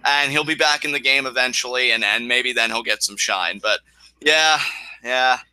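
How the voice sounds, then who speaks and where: Bright-voiced man in casual chat. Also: medium pitch, normal speed, clean tone, no room sound. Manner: rambling, emotional, frequent restarts. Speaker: co-host.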